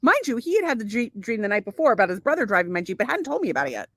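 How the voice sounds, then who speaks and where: A woman telling stories on a podcast in a loose, rambling, profane way. Her voice sits a little high and sounds dry and close, with no room echo. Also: very animated, rapid-fire. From United States. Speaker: podcast co-host. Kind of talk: casual married-couple chat. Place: home in Florida.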